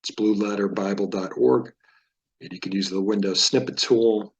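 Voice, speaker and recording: Guy w a lowish voice walking thru hebrew stress marks, patient, drags words out slow to show how they sound. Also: poor audio. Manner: patient, explanatory, stretches words slowly to model pronunciation. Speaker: Hebrew teacher. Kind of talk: screen-share lesson.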